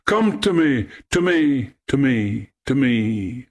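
A man voicing a young lovesick female nymph who can only repeat the last words she hears, crying them out in a high voice. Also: big pitch swings, slow, full character voice. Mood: yearning.

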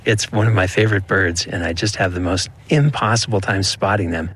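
A man naturalist chatting outdoors on a mountain trail, relaxed and enthusiastic as he points out birds and animals. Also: low-pitched, a little fast, husky. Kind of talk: casual outdoor field chat. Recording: wind noise outdoors.

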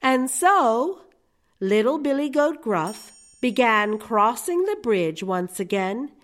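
A woman telling a children's story in a playful, expressive way, talking to her listeners. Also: a little high, slow.

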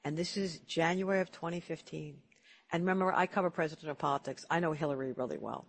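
A man's voice: fairly high pitch, fast, gravelly, slightly rough. A man hosting an interview, chatty and telling stories, often repeating words as he starts a sentence. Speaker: interview host. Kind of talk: casual storytelling interview.

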